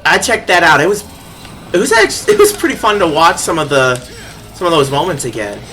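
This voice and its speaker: A game streamer chatting casually while playing, rambling and giggly, quick to laugh at their own slips. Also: mid-range voice, very animated, bright, forceful tone, soft background music. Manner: rambling, giggly, self-deprecating. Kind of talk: casual live-stream chat while gaming.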